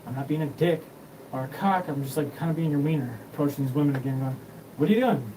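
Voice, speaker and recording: A man's voice: mid-range voice, steady tone, fast talker. A man rambling through a profane, scattered monologue as the host of his own show. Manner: rambling, profane, jumps between topics. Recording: distant mic with noticeable room hum.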